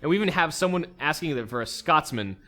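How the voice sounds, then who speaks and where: A man's voice: fairly high pitch, expressive, a little fast, bright, forceful tone. Easygoing man narrating his gameplay. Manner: easygoing, thinks aloud while playing. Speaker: let's play host. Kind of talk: casual gameplay commentary.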